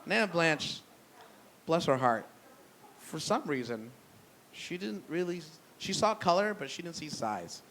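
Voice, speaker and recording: A man's voice: on the high side, very animated, unhurried, fairly bright tone, slight background noise. Rambling, profane stand-up comic man. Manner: profane, self-deprecating storytelling; loose, rambling delivery with restarts. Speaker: stand-up comedian. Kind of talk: stand-up comedy. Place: brewery comedy show with live audience.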